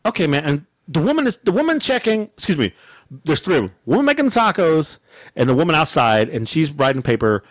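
A man tells a story at a quick clip with a lively, swooping voice. He swears freely and acts out his own outbursts. The sound is close and dry. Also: on the high side, no echo. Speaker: podcast co-host telling a story. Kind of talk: casual storytelling chat.

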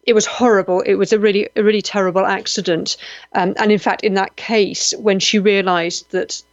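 A woman's voice: medium pitch, moderate pace, no room sound, dull audio. A woman hosting a live radio show, chatting animatedly with listeners' comments and joking through anecdotes. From Malta. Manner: animated, gushing with exclamations, self-deprecating humor.

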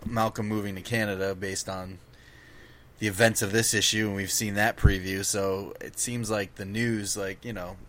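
A man's voice: on the low side, flat delivery, moderate pace, a bit bright. A man co-hosting a casual comic book podcast, chattily recapping the latest news for listeners. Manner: chatty, recapping news, talks over others. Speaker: podcast co-host.

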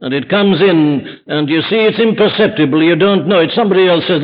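A man's voice: high voice, brisk. A man preaching an evening sermon to a congregation, emphatic and full of rhetorical questions. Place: church before a congregation. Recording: dull lo-fi archive sermon recording.

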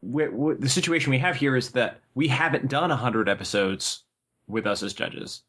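Cohost guy, average pitch, keeps restarting sentences, kinda wry. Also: a bit bright. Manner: halting, many fillers and restarts, wry. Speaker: podcast co-host. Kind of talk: casual chat.

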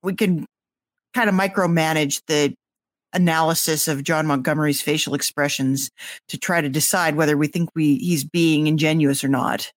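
Podcast co-host, casual chat, dry wit, measured, mid-range voice, dead room. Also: medium pitch, steady tone, no room sound.

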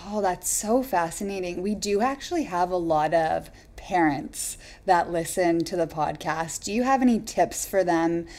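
A woman's voice: fairly low pitch, animated, normal speed, few pauses, a little mellow. A woman hosting a podcast interview, asking open questions with eager enthusiasm. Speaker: podcast host.

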